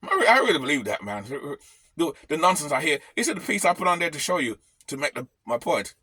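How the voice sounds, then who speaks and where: A man's voice: a little high, big pitch swings, fast, bright, forceful tone, breathy edge, dry recording. A man ranting bluntly on his vlog from his camper van, swearing freely. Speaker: vlogger.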